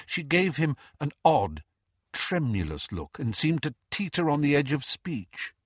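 A man narrating a storybook in a theatrical, highly expressive reading. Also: measured pace, dry recording, clean studio sound. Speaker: audiobook narrator.

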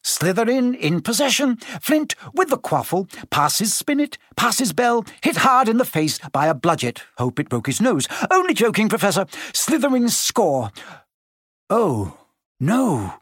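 A man voicing a cheeky young male sports commentator with quick, teasing play-by-play, in a storybook reading. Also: sits high, big pitch swings, fairly bright tone, slightly rough, no room sound, clean studio sound, voice pushed up, full character voice. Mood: lively, teasing.

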